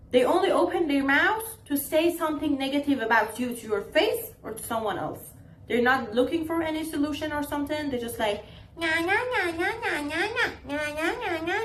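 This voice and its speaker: A woman's voice: fairly high pitch, slight background noise. A woman vlogger talking casually to the camera in an exasperated, sarcastic ranting tone. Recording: roomy echo, faint ambience.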